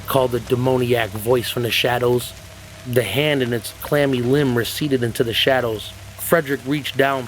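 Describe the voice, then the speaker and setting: A man reading a horror story aloud in a measured, ominous way. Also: medium pitch, slight background noise, rough recording. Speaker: narrator. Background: backing music.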